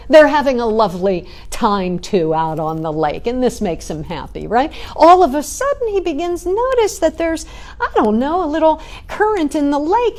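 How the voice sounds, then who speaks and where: Animated woman teaching with lively pitch. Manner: animated storytelling, frequent "right?" asides. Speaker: spiritual teacher. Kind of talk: talk or sermon.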